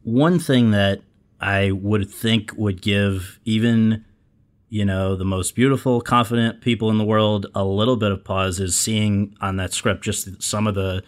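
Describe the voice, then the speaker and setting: A man hosting an interview, asking measured questions and reading out quotes, with frequent short affirmations. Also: fairly low pitch, fairly even intonation. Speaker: interviewer host.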